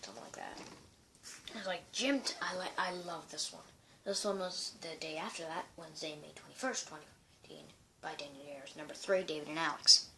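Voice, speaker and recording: A man's voice: a little high, steady tone, brisk, creaky, sharp tone, a little hiss or hum, poor audio. A man casually showing and reading his own comic strips, rambling with many restarts. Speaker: amateur comic strip creator.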